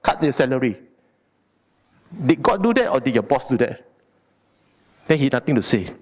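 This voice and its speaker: A man with a Malaysian English accent giving a Buddhist Dharma talk in an animated, colloquial and emphatic way. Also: mid-range voice, moderate pace. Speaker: Dharma speaker. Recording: long hall reverb.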